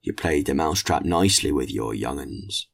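A man reading as a gravelly scheming innkeeper. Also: extremely low pitch, lively intonation, normal speed, pitched below the performer's own voice, full character voice. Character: scheming greedy male innkeeper, middle-aged.

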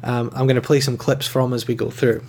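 A man's voice: medium pitch, flat delivery, a little fast, darkish tone, slightly rough. A man hosting an episode review, talking conversationally with frequent fillers and enthusiastic rises. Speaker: podcast host reviewing episodes.

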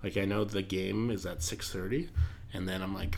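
A man's voice: low-pitched, level tone, moderate pace, creaky, slight background noise. A man hosting a podcast in casual chat, playful and laughing often as he rambles, his voice getting tired. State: voice tiring. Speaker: podcast host.

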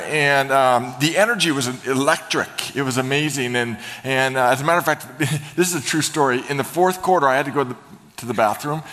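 Lively male pastor in echoing hall. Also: medium pitch. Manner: energetic storytelling with laughs. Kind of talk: sermon. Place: church sanctuary. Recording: long hall reverb.

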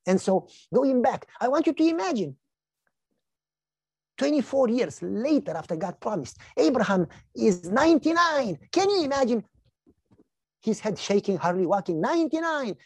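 A man preaching a sermon, telling stories with lively acted-out dialogue. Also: extremely high pitch, moderate pace, no echo. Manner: animated storytelling, acts out dialogue. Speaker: pastor.

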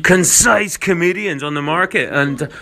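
A man's voice: on the high side, a little slow, pushed and bright. A man with a put-on drunk Scottish accent leaving a rambling, mock-insulting voice message to a podcast. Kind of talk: recorded voice message.

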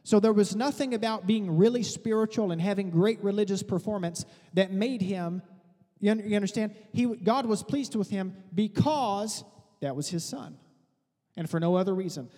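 A man pastor preaching a sermon in an animated, conversational way, with teasing asides to his congregation. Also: high-pitched, moderate pace, big-room sound.

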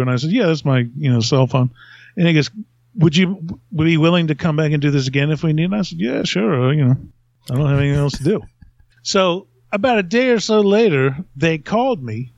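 A man hosts a podcast, spinning a long, rambling story with frequent chuckles. His voice runs high and brisk, the audio has no room sound, and the overall quality is dull and lo-fi.

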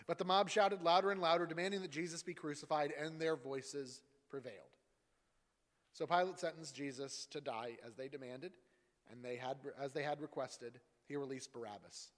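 Male scripture reader, a little high-pitched, dramatic delivery, long church reverb. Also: brisk. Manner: acts out the voices in the passage, rising loud for the crowd. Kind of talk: dramatic liturgical reading.

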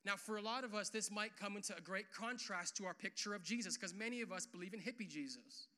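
A young pastor preaches to his church in a loose, chatty way, dropping "like" and "uh" between thoughts. His voice sits high for a man and rings very bright and forceful, rising even louder when he drives a point home. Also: quick pace. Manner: casual, animated preaching with frequent "like" and "uh"; swells louder and higher on key points. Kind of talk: sermon.

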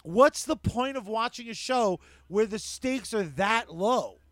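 A man's voice: high-pitched, animated, a little slow, dry recording. A man co-hosting a casual podcast, ranting heatedly and cursing freely. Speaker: podcast co-host.

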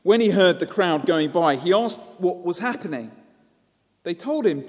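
Preacher in an echoey hall. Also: male voice, fairly high pitch, animated, normal speed. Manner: storytelling, with rhetorical questions. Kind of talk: sermon.

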